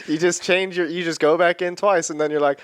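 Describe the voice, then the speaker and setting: Male, higher voice, teasing buddy, dry close mic. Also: fairly even intonation, a little fast, a bit bright, clean tone, no room sound. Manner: teasing, laughing. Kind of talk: casual chat.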